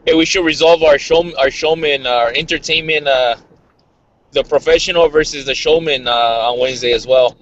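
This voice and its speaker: A man's voice: a little high, steady tone, normal speed, fairly bright tone. Joking man on a lo-fi podcast. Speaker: podcast panelist. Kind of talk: casual chat.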